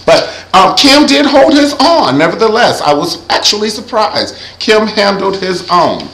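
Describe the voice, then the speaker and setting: A man's voice: sits high, big pitch swings, unhurried, creaky, a bit bright, echoey room, a little hiss or hum, poor audio. A young man giving a sassy, campy recap of an awards show, breaking into sung impressions. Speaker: vlogger reviewing an awards show.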